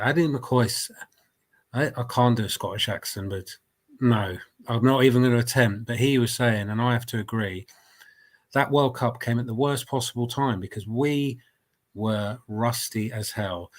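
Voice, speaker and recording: A man with a mid-range voice and a head cold talks at a moderate pace into a laptop desk mic at home, hosting a live football reaction stream for his fan channel. He's chatty and rambling, often restarting sentences and filling pauses with ums and uhs.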